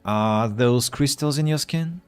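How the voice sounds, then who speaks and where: A man's voice: medium pitch, a little slow, smooth, soft background music. A man streaming a game, chatting casually and greeting viewers. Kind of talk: casual live-stream commentary.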